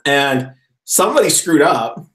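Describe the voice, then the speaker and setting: Animated laughing man in an echoey room. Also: fairly high pitch, measured pace, a little hiss or hum. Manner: animated storyteller, laughs often, acts out quotes. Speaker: podcast co-host. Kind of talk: casual chat.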